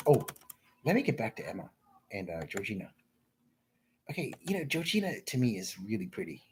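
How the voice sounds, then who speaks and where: A man rambling in crude off-the-cuff commentary, mumbling and trailing off into low asides. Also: very animated, a little fast, a little hiss or hum. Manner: crude, rambling, self-interrupting.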